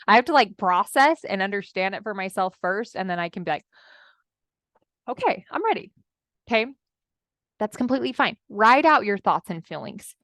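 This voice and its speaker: Speaking a little fast with few pauses, she has a mid-range voice, lively intonation and a fairly bright tone, recorded in studio quality without room sound. She's a marriage coach in her thirties, chatting motivationally to listeners as friends and voicing her clients' lines.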